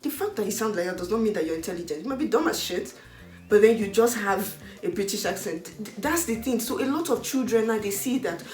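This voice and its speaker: A woman with a Nigerian accent in a casual chat, agreeable and quick to finish the other speaker's sentences. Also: medium pitch, lively intonation, a little mellow, soft background music. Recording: echoey room.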